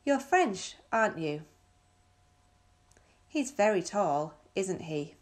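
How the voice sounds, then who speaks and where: A woman on textbook audio, carefully reading out example questions with clear, marked intonation. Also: medium pitch, big pitch swings, takes it slowly. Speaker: recorded audio speaker.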